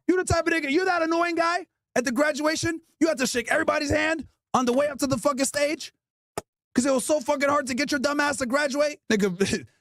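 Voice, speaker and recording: A man hosting a podcast, loudly and profanely roasting people with mocking, animated comedy. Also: extremely high pitch. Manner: loud, mocking, animated, swears constantly. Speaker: podcast host.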